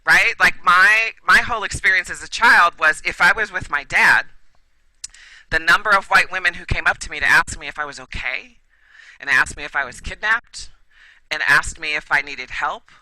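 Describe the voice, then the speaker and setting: A woman's voice: on the low side, moderate pace, pushed and bright, no echo, rough recording. A woman talking as a guest expert in a casual podcast conversation, emphatic and often checking in with "right?". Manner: emphatic, repeats "right?" for agreement. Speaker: guest expert, school administrator.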